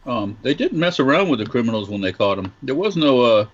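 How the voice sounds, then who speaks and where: A man's voice: mid-range voice, sing-song, fairly quick, lo-fi sound, slight background noise. A man co-hosting a podcast, speaking hesitantly with many ums. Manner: hesitant, many ums, drifts into mock preaching. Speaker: podcast co-host. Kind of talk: casual chat.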